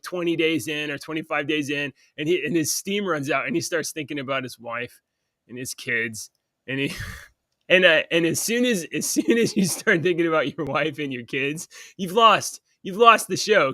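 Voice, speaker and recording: An upbeat man hosts a podcast and rambles through stories with plenty of fillers. His voice sits a little high and sounds bright. The recording is dry and close. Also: normal speed, dry recording. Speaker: podcast host. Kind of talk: casual chat.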